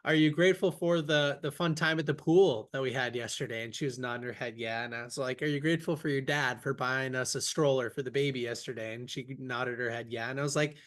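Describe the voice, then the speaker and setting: A man's voice: medium pitch, quick pace, few pauses, fairly bright tone. A young man hosting a podcast over a video call, speaking in an enthusiastic, upbeat way as he tells stories. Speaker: podcast host. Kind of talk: casual podcast interview.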